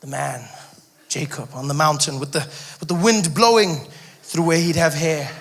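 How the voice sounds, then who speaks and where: A man's voice: fairly high pitch, moderate pace, slight background noise. A man from South Africa doing a stand-up comedy routine, telling stories animatedly and acting out the scenes.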